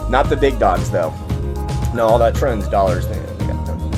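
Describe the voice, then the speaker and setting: A man giving a heated, profane political rant, with sudden loud outbursts. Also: on the low side, moderate pace, over music. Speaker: online ranter.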